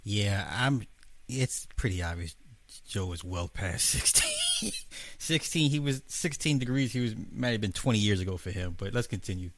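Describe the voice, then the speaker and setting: A man's voice: on the low side, lively intonation, normal speed. A man hosting and commenting wryly on an argument. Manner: exasperated, wry. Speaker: host.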